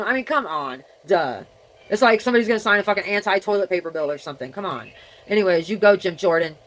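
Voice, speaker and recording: Speaking quickly and on the low side, a middle-aged woman vlogs by herself in a rambling, scattered manner. She sounds like she's talking to herself and often leaves thoughts hanging.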